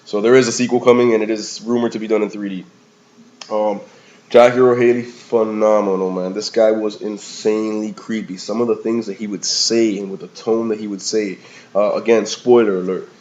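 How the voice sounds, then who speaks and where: A man's voice: on the low side, steady tone, brisk, darkish tone, a little hiss or hum. A man giving a casual, rambling movie review in slangy talk, often calling the listener "man" or "bro". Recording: slightly dull lo-fi recording.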